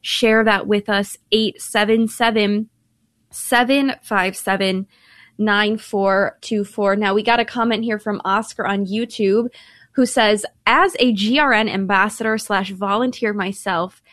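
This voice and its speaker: A woman's voice: mid-range voice, steady tone, a little slow, fairly bright tone, no echo. A woman from Ireland co-hosting a Catholic radio talk show, chatty and enthusiastic as she invites calls.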